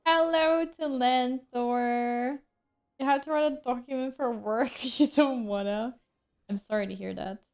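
A woman's voice: a little high, fairly quick, gravelly, a little mellow. A woman streaming a game, chatting casually with viewers, joking at her own expense and laughing often. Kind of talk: casual gameplay stream chat.

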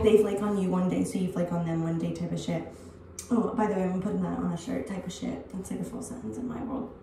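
Her voice is warm and on the low side: a vlogger in her early twenties talking through a get-ready-with-me session at home, rambling bluntly with swearing. The room echoes, the mic is distant, and there's slight background noise.

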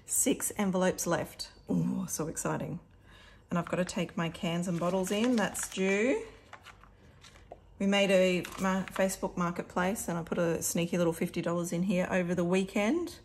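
A woman's voice: fairly low pitch, steady tone, normal speed, a little mellow, a little hiss or hum. An Australian woman vlogging casually at home, chatting to viewers while counting out cash. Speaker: budget vlogger.

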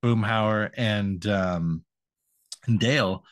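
Male co-host, unhurried recap delivery, dry close-mic sound, hesitant and easygoing. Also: lowish voice, no room sound. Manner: hesitant, lots of uh and um, quick to laugh. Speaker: podcast co-host. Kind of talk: casual chat recapping a cartoon episode.

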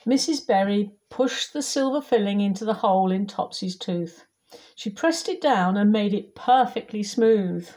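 A woman volunteer reading a children's picture book aloud, lively and talking straight to young listeners. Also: medium pitch, unhurried. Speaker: volunteer storybook reader.

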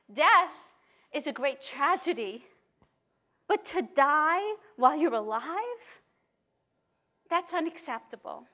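A woman rabbi from New York speaks in a high voice at a slow, deliberate pace. She delivers a measured, emphatic talk to a conference audience. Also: fairly bright tone. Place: conference hall.

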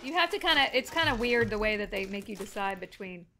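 A woman streaming a game with friends in casual chat, excitable, yelping and laughing as she plays. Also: medium pitch, fast talker. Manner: excitable, yelps and laughs while playing.

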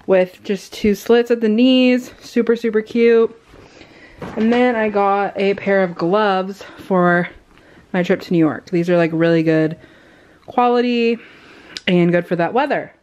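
Slow-talking young woman vlogger. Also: mid-range voice, a little mellow, smooth. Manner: chatty, loose, with many ums and likes. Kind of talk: casual vlog haul chat.

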